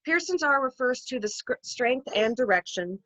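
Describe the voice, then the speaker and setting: Higher-voiced woman teaching stats from home, lots of ums, dull dry lo-fi sound. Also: animated, normal speed, sharp tone, no room sound. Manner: explanatory, careful, frequent ums and restarts. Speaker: college psychology instructor. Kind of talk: recorded home lecture.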